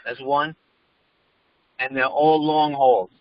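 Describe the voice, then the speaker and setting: A man's voice: medium pitch, fairly even intonation, takes it slowly, highs cut off, crowd noise. A man from New York with a New York accent calls in with a question, a bit hesitant and unsure. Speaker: caller. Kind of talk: casual call-in question.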